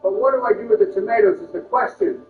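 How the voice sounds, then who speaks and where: A man's voice: very high-pitched, lively intonation, fast talker. A man doing comedic game commentary, trading crude insults in bickering impressions. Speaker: gameplay commentator. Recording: roomy, distant, muffled, with music.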